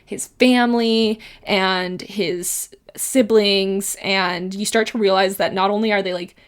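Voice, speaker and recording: A woman sums up a book for her channel in a loose, chatty way. Her pitch sits at a middling level for a woman, and her talk is full of "like" fillers and quick laughs. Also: fairly even intonation, clean tone. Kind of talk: casual book recap.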